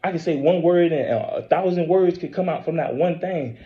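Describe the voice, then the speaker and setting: A man giving a rambling, preachy religious monologue, repeating himself, swearing and stumbling through scripture readings. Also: a little high. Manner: reads scripture aloud haltingly. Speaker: self-posting religious speaker. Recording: dull lo-fi recording.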